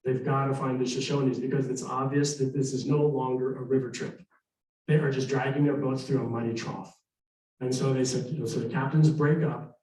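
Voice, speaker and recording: A middle-aged man telling history live to an audience, animated and conversational, acting out voices. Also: medium pitch. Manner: animated, conversational, acts out dialogue. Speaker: historical storyteller. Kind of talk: live storytelling presentation. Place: arts center hall. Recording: echoey hall, distant mic.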